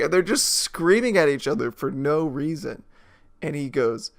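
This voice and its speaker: A man's voice: a little high, moderate pace, gravelly. A man giving a rambling, casual movie review, full of filler words and chuckles. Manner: rambling, many filler likes, laughs as he talks. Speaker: film reviewer.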